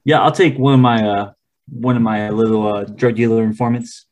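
Joking, halting male player. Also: lowish voice, steady tone, darkish tone. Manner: joking, halting, repeats himself. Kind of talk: casual tabletop play.

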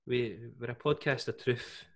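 A man's voice: medium pitch, fairly even intonation, normal speed, crowd noise. A young Scottish man co-hosting a podcast, chatting casually and joking, with frequent laughter. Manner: chatty, jokey, laughs often. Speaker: podcast co-host. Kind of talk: casual chat.

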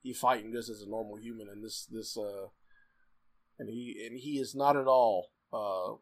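A man's voice: on the low side, normal speed. Rambling, laughing man in casual chat. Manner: rambling, excitable, lots of laughter and fillers.

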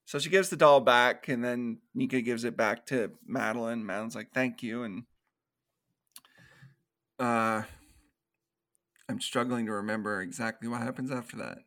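A man co-hosting a casual movie review podcast, animated and profane, acting out scenes in quoted voices. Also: medium pitch, normal speed, long pauses. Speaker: podcast co-host.

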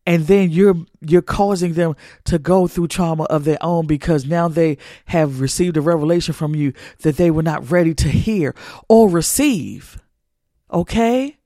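A man's voice: on the high side, unhurried, dark tone, no echo, clean studio sound. A man hosting a faith talk, exhorting listeners with repeated, sermon-like phrasing. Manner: exhorting, repetitive, folksy Southern-church phrasing. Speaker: podcast host. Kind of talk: preachy motivational talk.

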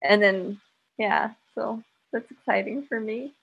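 A woman's voice: mid-range voice, measured pace, vocal fry, breathy edge. A woman from Brazil, chatting casually with many fillers. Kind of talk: casual chat. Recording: dull lo-fi sound.

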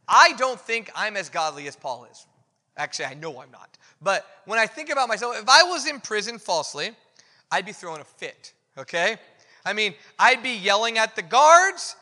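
A man with a high, sharp-edged voice preaches in a relaxed, conversational way, candid and poking fun at himself. The sound rings with the long reverb of a big hall. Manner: candid, self-deprecating, animated storytelling. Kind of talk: conversational sermon.

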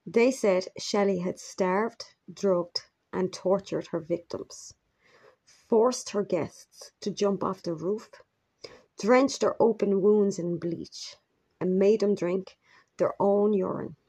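A woman narrating a true crime story in a measured, grave manner with brief asides. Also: medium pitch, mellow, husky.

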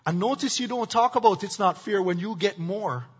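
A man's voice: high voice, moderate pace, breathy edge. A middle-aged male pastor preaching a sermon, prompting the congregation to answer back. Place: church sanctuary. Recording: dull echoey hall recording.

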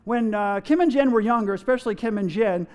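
A middle-aged pastor with a strikingly high voice delivers an emphatic sermon. He talks straight to his congregation and drives his points home. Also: brisk, clear, resonant tone. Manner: storytelling, emphatic, addresses the congregation. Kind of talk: sermon with a joke.

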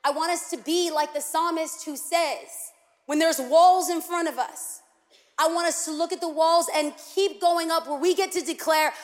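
A woman with a high, bright voice preaches in a church sanctuary, her words trailing off into a long hall reverb. She is animated and playful, leaning hard on key phrases to make her points. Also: moderate pace. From United States. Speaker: guest preacher. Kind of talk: sermon.

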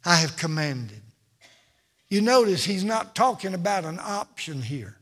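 A high-pitched man delivers a sermon at an unhurried pace, stacking phrase on phrase with emphatic repetition. His voice rings out in a church sanctuary with a long hall reverb trailing behind it. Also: very animated, a bit bright, breathy edge. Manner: emphatic, repetitive preaching cadence. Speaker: pastor.

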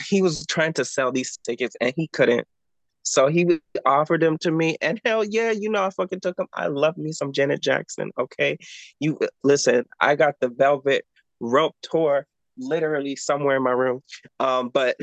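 A man's voice: mid-range voice, a bit bright, dry recording. A man co-hosting a casual pop culture podcast, telling stories in a sassy, playful way full of slang. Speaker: podcast co-host.

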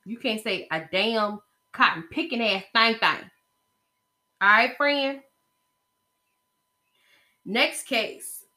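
Bright, sassy woman podcast host. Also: on the high side. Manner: chatty, sassy, talks straight to listeners. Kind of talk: casual gossip commentary.

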